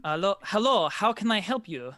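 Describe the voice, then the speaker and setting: Man doing a courteous woman innkeeper, higher voice, bright, dry close sound. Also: very animated, normal speed, no echo, full character voice. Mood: welcoming. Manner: courteous, formal hospitality. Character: formal polite adult female innkeeper.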